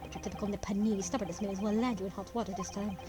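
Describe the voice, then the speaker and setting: A woman voicing a cold, haughty male aristocrat prosecutor, speaking slowly and disdainfully in a lowered, quieter voice. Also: fairly even intonation, lightly acted. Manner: clipped, disdainful, slow delivery.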